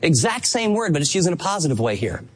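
A man's voice: on the high side, very animated, fast talker, husky. A man preaching a sermon as pastor, earnest and emphatic, acting out quoted dialogue.

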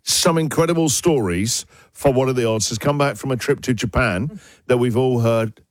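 A man hosts a breakfast radio show and talks in a playful, excitable way. His voice is close and dry, with no room sound at all. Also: mid-range voice, moderate pace, no room sound. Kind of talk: casual radio chat.

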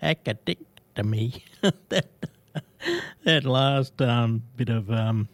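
A man chatting in an amused, halting way and stumbling over his words. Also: mid-range voice, no echo. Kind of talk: casual chat.

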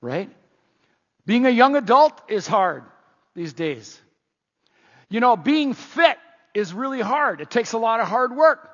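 A middle-aged man preaches with a high, husky voice, hammering his points home by repeating them. The sound is dull and carries a long hall reverb. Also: measured pace, pauses often. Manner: animated, emphatic and repetitive. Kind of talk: sermon.

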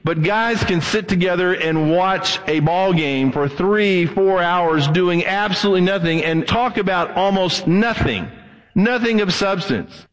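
A male pastor preaching a sermon, swinging his voice high and low and acting out the people he quotes. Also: a little slow, big-room sound, poor audio.

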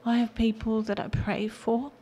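A woman's voice: on the high side, little pitch movement, dark tone, slight background noise. An older woman hosting a gospel radio show, giving an earnest, emotional devotional talk. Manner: earnest, emotional, slow and heartfelt.

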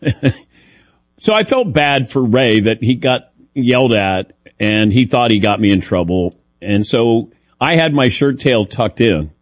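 A man hosting a sports talk show in an easy, chatty way, spinning stories and laughing at himself. His voice sits in a middle pitch and is recorded close and dry, with no room sound. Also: big pitch swings, measured pace, no room sound. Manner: chatty storytelling, self-deprecating humor. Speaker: radio show host.

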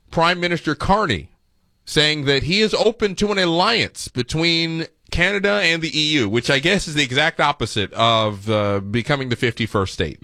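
Sarcastic, lively male radio host. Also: on the high side, dry recording, clean studio sound. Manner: sarcastic, interrupts the clips with quips. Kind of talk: comic commentary over played clips.

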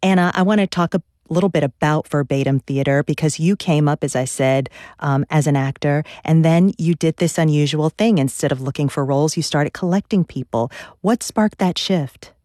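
A radio interview host reading a prepared introduction in a measured, clear way, then asking the guest questions. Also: mid-range voice, darkish tone, dry recording, studio quality.

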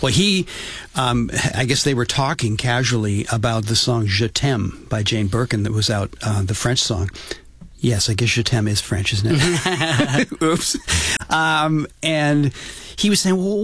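Relaxed male co-host, dry sound. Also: medium pitch, a little slow, no room sound. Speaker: radio show co-host. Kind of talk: casual chat and scripted intros.

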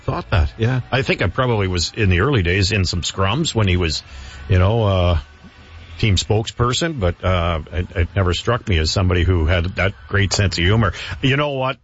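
A man hosting a casual hockey chat, chatty with quick affirmations and a husky voice. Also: fairly low pitch, highs cut off, a little hiss or hum.

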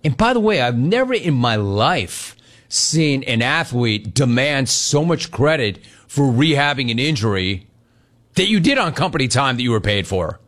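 Animated male sports radio host, mocking. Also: medium pitch, normal speed. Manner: animated, mocking, repeats lines for emphasis. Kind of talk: opinionated sports rant.

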